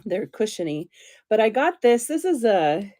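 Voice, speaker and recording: A woman's voice: medium pitch, big pitch swings, normal speed, mellow. A woman hosting a casual doll chat live stream from home, rambling and giggling as she talks toward a tablet. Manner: chatty, giggly, rambling with fillers. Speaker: doll channel host. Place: home room, seated on a chair. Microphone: tablet on a stand.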